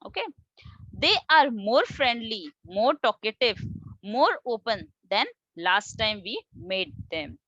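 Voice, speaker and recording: A woman teacher with an Indian English accent, explaining grammar to children slowly and with many repetitions. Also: fairly high pitch, big pitch swings, sharp tone, no room sound, lo-fi sound. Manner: explains slowly, repeats words, addresses children. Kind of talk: online grammar lesson.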